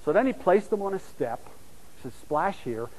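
High-voiced preacher in a reverberant hall. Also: male voice, big pitch swings, brisk. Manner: storytelling, swings from loud to hushed. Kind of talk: sermon.

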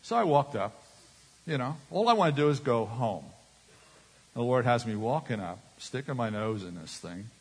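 Husky middle-aged preacher guy telling stories, big echoey hall. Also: mid-range voice, normal speed. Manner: animated, acts out voices in anecdotes. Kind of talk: storytelling sermon. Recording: reverberant hall.

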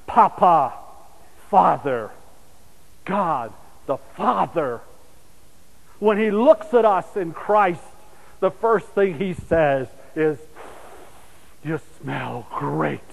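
A man preaching a sermon and telling stories, his voice swinging from loud, urgent calls to hushed, soft asides. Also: high-pitched, long reverb tail, poor audio.

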